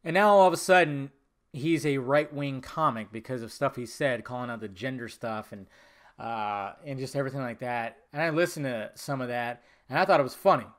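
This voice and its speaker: Speaking a little fast at a medium pitch, this man hosts a podcast on his own. His talk is loose and meandering, peppered with profanity and frequent bursts of laughter.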